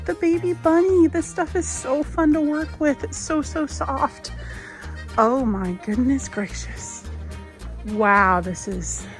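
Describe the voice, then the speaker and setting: A woman vlogging casually while she walks through a craft store on her phone, chatty and a little wistful, with soft laughs now and then. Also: high-pitched, slow pace, soft background music. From United States. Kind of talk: casual shopping vlog chat. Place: inside a large craft store. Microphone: phone held while walking.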